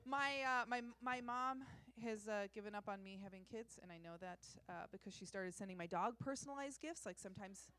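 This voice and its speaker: A woman's voice: mid-range voice, brisk, few pauses, fairly bright tone. A woman doing a chatty, self-deprecating stand-up bit on a live comedy stage. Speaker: comedian contestant. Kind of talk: stand-up set.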